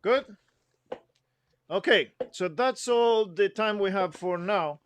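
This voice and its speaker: A man's voice: sits high, slow, fairly bright tone, slight background noise. A man giving an instrument lesson, explaining phrasing patiently, humming example phrases and counting the group in. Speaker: music teacher.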